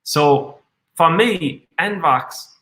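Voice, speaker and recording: A man's voice: a little high, extremely slow, a bit bright. A man streaming his live stock trades, swearing constantly and reading chat aloud while a bit tipsy on red wine. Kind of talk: live trading commentary. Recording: echoey room.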